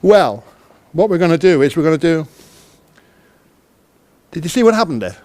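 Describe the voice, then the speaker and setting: A man's voice: fairly high pitch, very animated, moderate pace, a little mellow. A man from the United Kingdom giving an interactive conference talk. He is chatty and self-deprecating, and he keeps quizzing the audience. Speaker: conference speaker. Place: conference hall.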